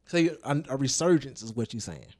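A man's voice: medium pitch, expressive, a little fast, dark tone, dry recording. A man co-hosting a podcast in casual chat, talking loosely and profanely, often checking in with "you know what I'm saying?". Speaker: co-host of a podcast.

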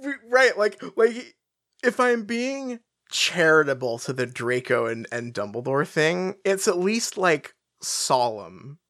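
A woman's voice: sits low, big pitch swings, slow, fairly bright tone. A woman co-hosting a podcast, chatting casually, rambling and correcting herself as she talks things through, and sometimes reading aloud. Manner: rambling, self-correcting, laughing. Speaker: podcast co-host.

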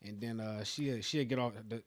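A man's voice: medium pitch, normal speed. A man in casual, profane chat, telling a story in a laid-back way and often trailing off with filler phrases. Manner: laid-back, profane, trailing off with "you know what I'm saying".

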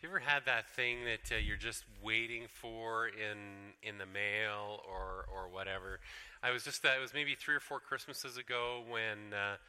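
A man's voice: on the low side, steady tone, moderate pace, pushed and bright, smooth, big-room sound. A middle-aged man preaching a sermon in a chatty, rambling way, full of restarts and rhetorical questions. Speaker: pastor.

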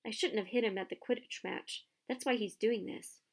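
A woman voicing a worried schoolboy lying sick in bed, talking anxiously and hoarsely. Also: on the high side, normal speed. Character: Ron, worried boy stuck in a sickbed.

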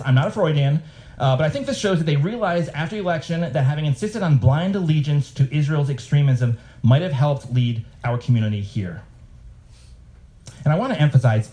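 A man's voice: a little high, a little mellow, a little hiss or hum. A man, a cartoonist, giving a live reading of his comics with sarcastic asides and mocking voices.

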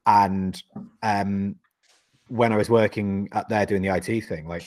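A man's voice: lowish voice, steady tone, unhurried, a little mellow. A man from the UK co-hosting a podcast, telling a rambling, sweary story with frequent laughs. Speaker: podcast co-host. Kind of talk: casual chat.

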